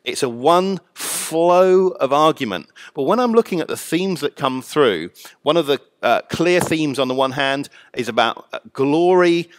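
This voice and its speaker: Measured male Bible scholar, dry sound. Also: a little high, lively intonation, dry recording. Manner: measured, thoughtful, with frequent "uh" pauses. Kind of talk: explanatory teaching.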